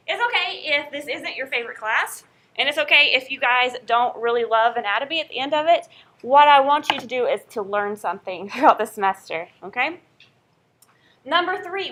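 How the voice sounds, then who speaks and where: Southern woman professor, young, chatty and upbeat, bright higher voice, keeps asking "okay?". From North Carolina. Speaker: college professor. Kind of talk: first-day class introduction and roll call. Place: classroom.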